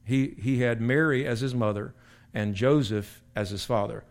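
A man's voice: medium pitch, moderate pace. An older man in his sixties, a pastor leading a Bible study in a conversational, emphatic way, often repeating and restarting phrases. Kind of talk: sermon-style Bible teaching.

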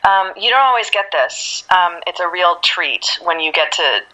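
An actress guest telling a story in a casual interview, laughing often and acting out what people said. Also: female voice, on the low side, normal speed, highs cut off. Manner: laughs often, animated, acts out quotes.

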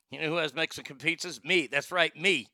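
A Texan man ranting casually about fast food, swearing a lot and stumbling over restarts. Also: a little high, sharp tone, dry recording, studio quality. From Texas. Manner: profane, rambling, stammering restarts. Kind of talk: casual rant.

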